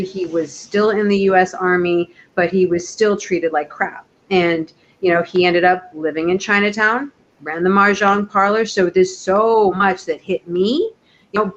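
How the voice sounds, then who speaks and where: A woman co-hosting a casual chat show, talking enthusiastically and personally. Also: medium pitch. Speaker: co-host. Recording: dull lo-fi audio.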